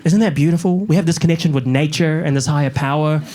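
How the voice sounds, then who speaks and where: A young man from New Zealand doing a stand-up comedy set in front of a live audience, telling stories with lively delivery and little put-on voices. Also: fairly high pitch, quick pace. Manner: animated storytelling, mocks up little voices.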